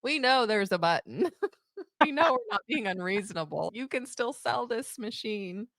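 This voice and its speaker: A middle-aged woman co-hosting a podcast in casual chat, supportive and quick to laugh along. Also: on the high side, sing-song, a bit bright, dry recording. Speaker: podcast co-host.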